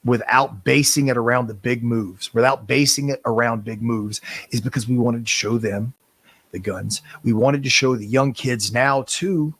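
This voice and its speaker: A man's voice: medium pitch, steady tone, normal speed, fairly bright tone. A man talking in a casual interview as a professional wrestler guest, impassioned and rambling, swearing now and then.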